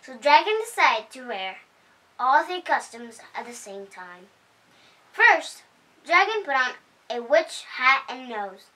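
A woman hosting a storytime, reading a children's picture book aloud at home in a cheerful, unhurried way. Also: high-pitched, very animated, bright, forceful tone. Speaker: storytime host. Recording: voice heard from a distance.

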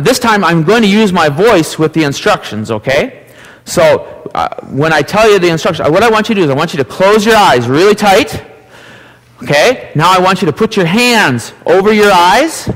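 A man with an Upper Midwest American accent, leading a children's message in church and gently asking the kids playful questions. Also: high-pitched, expressive, normal speed. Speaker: pastor giving a children's message. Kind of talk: children's sermon. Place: church sanctuary. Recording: long church hall reverb.

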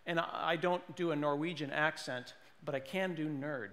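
A man's voice: fairly high pitch, normal speed, few pauses. Jokey man on a conference stage. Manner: animated, jokey, mimics people with put-on voices. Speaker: conference speaker. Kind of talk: comedic tech keynote. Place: large conference hall. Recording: long hall reverb.

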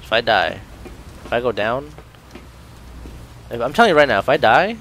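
A man's voice: medium pitch, big pitch swings, normal speed, fairly bright tone, slight background noise. A man commentating on his gameplay, swearing and ranting in frustration. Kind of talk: let's play commentary.

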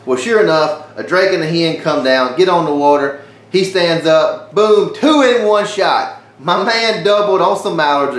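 A man, a father hosting a casual duck hunting vlog outdoors by the water, talking excitedly. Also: a little high. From Alabama. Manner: excited, laid-back Southern drawl, hushed whispers when birds near. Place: outdoors at a marsh blind by water. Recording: outdoor camera mic with faint wind and water noise.

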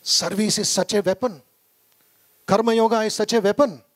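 High-voiced Indian man, emphatic storyteller. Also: fairly even intonation, normal speed. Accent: Indian English. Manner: storytelling, repetitive and emphatic, acts out quoted voices. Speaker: monk giving a talk. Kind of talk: public speech to a corporate gathering. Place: conference hall.

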